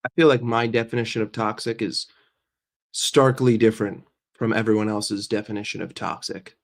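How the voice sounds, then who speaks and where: A man's voice: lowish voice, little pitch movement, normal speed. Sick male livestream host chatting. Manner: chatty, addresses the chat by name, repeats himself. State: sick and congested. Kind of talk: casual livestream chat.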